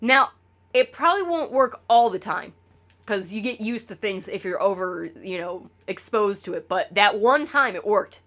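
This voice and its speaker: A woman's voice: mid-range voice, expressive, moderate pace, a bit bright. A woman streamer talking casually to her chat, rambling and swearing with lots of stammered restarts.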